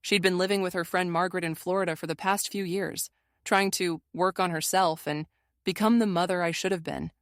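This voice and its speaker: A woman narrating a first-person family drama story in a steady, measured way. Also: lowish voice, no room sound, clean studio sound.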